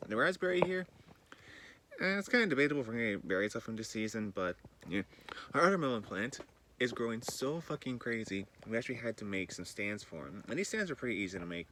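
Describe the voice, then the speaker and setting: His mid-range voice swings widely in pitch, sharp in tone and fast, with slight background noise. The Canadian from northern British Columbia shows off his greenhouse in a handheld-camera vlog, groggy from just waking and rambling casually with some swearing.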